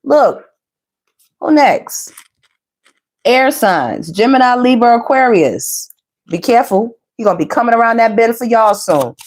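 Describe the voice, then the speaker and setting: A woman giving a casual tarot reading, sassy and animated, full of slang and calling the viewers "baby" and "y'all". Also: on the high side, normal speed. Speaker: tarot reader.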